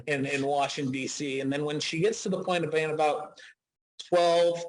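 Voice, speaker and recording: A man's voice: fairly high pitch, fairly even intonation, normal speed, poor audio. Chatty man in his forties telling stories. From Utah, USA. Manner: chatty, anecdotal, frequent restarts. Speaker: dentist guest. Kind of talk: casual interview storytelling.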